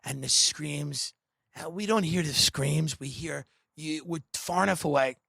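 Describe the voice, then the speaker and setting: A man with a gravelly, raspy edge and a bright, forceful tone, sitting slightly high for his sex. He riffs in a sarcastic, deadpan comedic monologue, full of dark satire and sudden mimicry. The sound is close and dry. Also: unhurried, no room sound. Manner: animated, mimicking voices. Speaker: podcast host.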